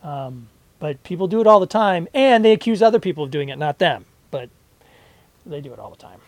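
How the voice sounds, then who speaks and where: A man's voice: high voice, animated, quick pace, darkish tone, dry recording. A man co-hosting a podcast, chatting casually and often chiming in to agree. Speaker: podcast co-host. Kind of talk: casual chat.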